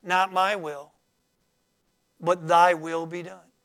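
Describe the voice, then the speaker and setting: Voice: mid-range voice, level tone, a bit bright. A preacher teaching from the Bible in a sermon, reading verses aloud, explaining them, and calling out to the congregation for responses. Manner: halting, with many fillers and restarts.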